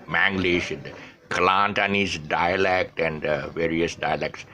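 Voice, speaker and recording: A man's voice: deep voice, steady tone, a little slow, pushed and bright. An older man hosting his own online show, talking casually with lots of restarts and self-corrections, chuckling at his own slips. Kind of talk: casual talk to camera. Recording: faint background noise.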